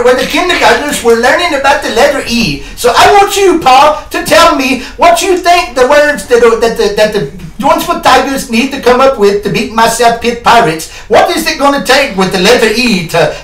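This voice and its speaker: A man's voice: extremely high pitch, a bit bright, voice pushed up. A man voicing a boastful, drunk Irish pirate who rambles and stammers. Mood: mock-serious. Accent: put-on Irish. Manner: rambling, stammering, laughing through lines. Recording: echoey room, far from mic, noisy.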